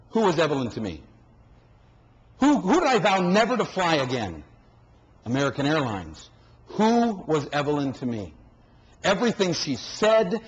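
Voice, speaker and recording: A middle-aged man giving a comic storytelling speech on stage before a live audience, acting out dialogue and bursting into shouts. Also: on the high side, low-quality recording. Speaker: keynote sales speaker.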